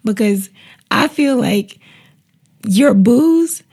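A young woman, a stand-up comedian, chatting casually and reacting with lively laughter. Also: on the high side, breathy edge. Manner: animated, reactive, quick to laugh. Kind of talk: casual chat.

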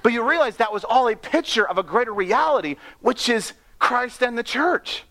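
A man preaching an animated sermon, often laughing and acting out the people in his story. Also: very high voice, normal speed. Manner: excitable, laughs often, acts out characters.

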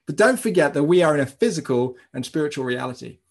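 A man preaching a sermon as pastor, telling a story in a lively way and speaking directly to his congregation. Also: on the high side, fast talker, vocal fry. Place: church service streamed online.

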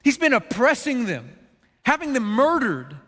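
Earnest pastor giving a sermon, a man with a high voice, in a reverberant hall. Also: measured pace. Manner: earnest, animated storytelling, acts out quotes.

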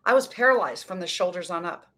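A woman in her sixties from Montana, telling her story as a guest in an earnest, emphatic way with dramatic pauses. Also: on the low side, expressive, a bit bright. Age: 60s. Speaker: guest, motivational speaker. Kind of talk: casual interview storytelling.

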